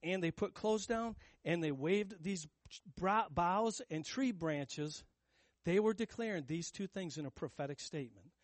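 A man's voice: high-pitched, unhurried, no echo. A man preaching a sermon, talking conversationally and emphatically and asking the congregation questions. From United States. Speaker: pastor.

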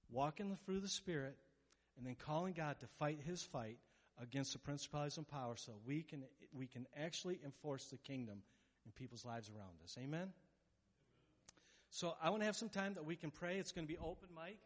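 A man preaching a sermon as pastor, animated and playful, acting out the voices of worried people. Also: fairly high pitch, moderate pace. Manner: animated, acts out quoted voices, jokes. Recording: long hall reverb.

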